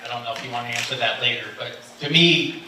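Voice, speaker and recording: A man giving public comment at a meeting, polite and measured, with frequent fillers. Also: medium pitch. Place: large meeting room. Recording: echoey hall, far mic, noise.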